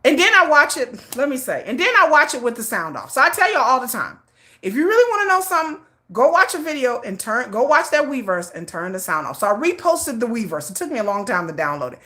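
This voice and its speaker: A middle-aged woman talks her way through a casual livestream, circling back and restarting her sentences as she goes. Her voice is bright and forceful and sits slightly high, and she keeps the energy animated. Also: fast. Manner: rambling, repeats and restarts, animated. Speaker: livestream host.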